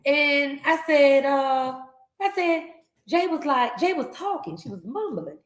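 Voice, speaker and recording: A woman hosting a live stream, telling a story in casual chat, animated and laughing as she acts out the voices in it. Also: sits high, unhurried, reverberant, rough recording. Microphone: video call.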